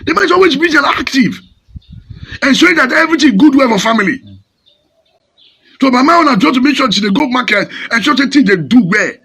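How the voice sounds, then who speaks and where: Nigerian preacher going off, gravelly bright voice, big swoops up and down. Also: male voice, very high-pitched, lively intonation, fast talker. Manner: fiery, scolding, dramatic. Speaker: pastor. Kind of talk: preaching sermon in Pidgin English.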